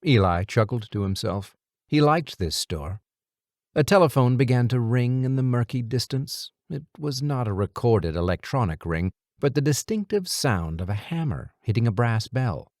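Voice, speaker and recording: A man narrating an audiobook in a lively, expressive storytelling manner on a close studio mic. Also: medium pitch, moderate pace, dry recording. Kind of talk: scripted narration.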